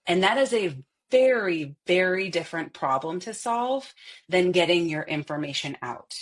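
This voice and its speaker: In a podcast interview, a woman who coaches voice shows off different vocal styles, shifting her voice expressively. She speaks at a normal speed with a lowish voice.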